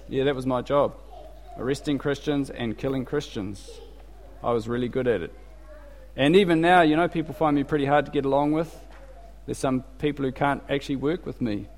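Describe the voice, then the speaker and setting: A man acts out a prickly, brash man confessing his past in a quick, loud, almost boastful voice. He sounds sure of himself. Long reverb trails in the church. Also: mid-range voice, close to an everyday voice.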